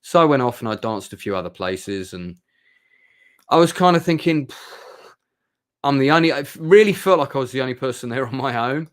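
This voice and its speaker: A man's voice: mid-range voice, expressive, a little fast, long pauses. A man, casually telling a heartfelt, rambling story as he reviews a night out. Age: 50s. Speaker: vlogger reviewing a club night.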